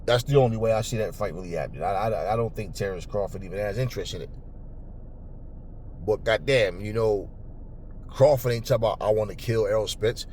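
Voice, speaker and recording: A man hosting a boxing talk channel, ranting angrily and profanely at commenters, stumbling over repeated words when worked up, then cooling into calmer talk. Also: a little fast, slight background noise. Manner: calmer and lower later on. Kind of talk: angry unscripted rant to camera.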